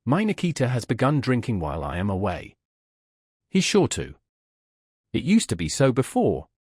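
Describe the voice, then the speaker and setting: A man reading the part of a grieving middle-aged peasant woman who speaks in a slow, sing-song, pleading lament. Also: mid-range voice, huge pitch swings, a little mellow, breathy edge, no echo, clean studio sound.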